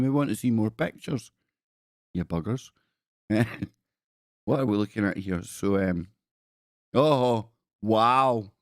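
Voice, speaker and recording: A man's voice: lowish voice, dry recording, clean studio sound. A man hosting a live stream, rambling and joking as he reads captions aloud in casual commentary. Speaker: live-stream show host.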